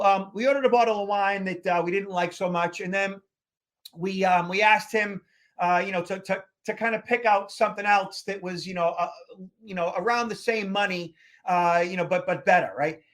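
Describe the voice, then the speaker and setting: A man's voice: high-pitched, moderate pace. A man from the Boston area, co-hosting a security podcast, telling long anecdotes in a casual, rambling way full of fillers and restarts. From Boston area, United States. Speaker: podcast co-host, security expert. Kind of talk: casual chat.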